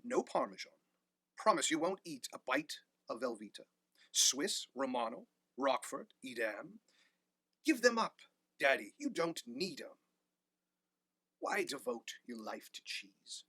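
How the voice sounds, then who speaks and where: A man voicing a grown son who loudly begs his old father, urgent and insistent. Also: fairly high pitch, slightly rough, no echo, full character voice.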